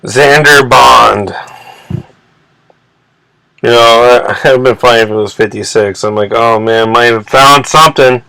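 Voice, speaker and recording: In this poor-quality clip with slight background noise, a man rants on his own channel, agitated and swearing freely. His mid-range voice is a little slow, creaky and sharp, with long pauses. The commentary rambles, full of restarts and repeated words.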